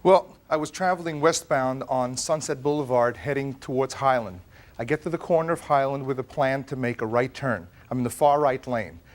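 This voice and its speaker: A man telling his side of a dispute in a courtroom, in an animated way that often stumbles and repeats words. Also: mid-range voice, normal speed. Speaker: plaintiff in a TV courtroom.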